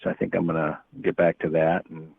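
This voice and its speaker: A man's voice: rumbling low, flat delivery, a little fast, vocal fry, breathy edge, dry recording. A man, an author guesting on a podcast, talking in a candid, reflective way. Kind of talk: casual podcast chat. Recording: tinny phone-like line.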